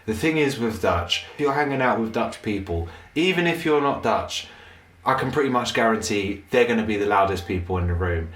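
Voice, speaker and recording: A man's voice: fairly low pitch, animated, fairly quick, a bit bright, echoey room, a little hiss or hum. A man doing a sweary, mocking comedy rant to camera about annoying tourists. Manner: sweary, mocking, puts on brief voices of tourists. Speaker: comedic commentator.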